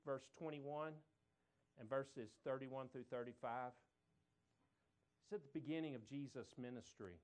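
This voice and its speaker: A man preaching a sermon, animated and emphatic, often repeating phrases for effect. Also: mid-range voice.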